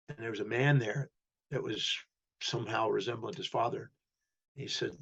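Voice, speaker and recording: A man tells a story as an interview guest, acting out each line of dialogue. His voice is somewhat husky, at a middle pitch for a man. The recording is slightly muffled and lo-fi. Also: normal speed, long pauses, a bit bright. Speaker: guest, human behavior specialist.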